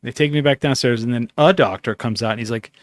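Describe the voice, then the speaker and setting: In this casual storytelling chat, a male podcast host rambles through a long tale, swearing freely and acting out the lines of dialogue. He speaks quickly in a mid-range voice, and the recording is dry and studio quality.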